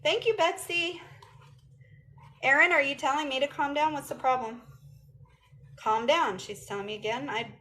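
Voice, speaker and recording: A woman's voice: high voice, normal speed, pushed and bright. A woman chatting casually on a phone livestream and answering viewers' comments aloud. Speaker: vlogger answering live chat. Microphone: phone camera.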